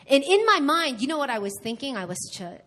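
Preaching at church, a woman from New York shares her own testimony in a high-pitched voice and at a fast clip. Her delivery is open and lively, driven by emphatic repetition.

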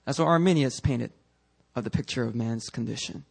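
A male pastor preaching a fervent sermon that rises into shouting, then leading prayer. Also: medium pitch, a little fast, creaky, husky.

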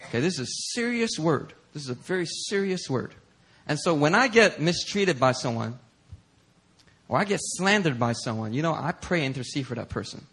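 A male pastor preaching a sermon in a church, telling stories in an animated, conversational way. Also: fairly high pitch, normal speed, husky. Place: church sanctuary.

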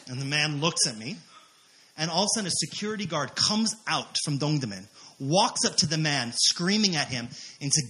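A man, a missionary preacher, telling a testimony story in an animated way, acting out quotes with many fillers. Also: on the high side, brisk.

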